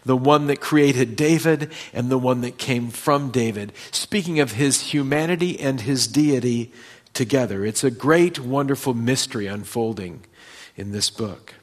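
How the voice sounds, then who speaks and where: Male preacher, expository sermon, emphatic peaks when reading and stressing key phrases. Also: mid-range voice. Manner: reads scripture aloud with rising emphasis.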